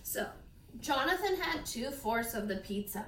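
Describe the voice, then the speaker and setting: A woman's voice: fairly high pitch, big pitch swings, measured pace, fairly bright tone, slight background noise. A woman teacher leading a classroom lesson, asking questions and encouraging her pupils. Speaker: elementary school teacher. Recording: echoey classroom, mic far off.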